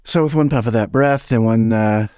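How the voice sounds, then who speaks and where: A man co-hosting a comedy podcast, telling an improvised tall tale in a deadpan, mock-earnest way. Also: medium pitch, normal speed, no echo, studio quality. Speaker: podcast co-host.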